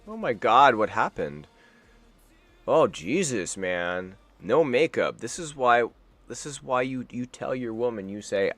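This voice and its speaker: A man's voice: mid-range voice, big pitch swings, unhurried, fairly bright tone, soft background music. A man hosting a live stream, reacting to news in a rambling, wisecracking way and swearing freely. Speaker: streamer host.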